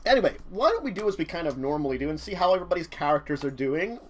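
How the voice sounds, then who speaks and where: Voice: mid-range voice, lively intonation, rapid-fire, a little hiss or hum. A game master hosting a tabletop role-playing session, teasing the players and laughing often.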